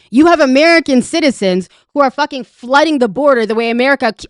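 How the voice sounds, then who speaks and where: Canadian woman ranting about politics, swears a lot, sarcastic, higher voice, dry close sound. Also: no room sound. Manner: angry, profane, sarcastic. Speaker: political commentator. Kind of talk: ranting reaction commentary.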